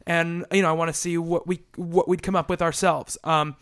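A man hosting a casual comics podcast, quick and joking, with lots of ums and restarts. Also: fairly high pitch, flat delivery, a bit bright, smooth. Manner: quick, joking, filler-heavy delivery. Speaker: podcast host.

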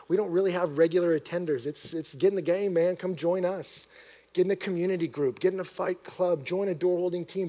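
A young male pastor with a high, bright voice preaches with lively storytelling. He rises to excited shouts at his peaks, then drops into hushed, earnest sincerity. His delivery is casual and conversational. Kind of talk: sermon.

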